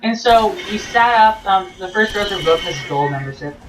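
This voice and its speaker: A woman vlogger excitedly recapping an event in a rambling, casual way, full of fillers and acted-out quotes. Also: medium pitch, normal speed, music in the background. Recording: roomy, distant, noisy.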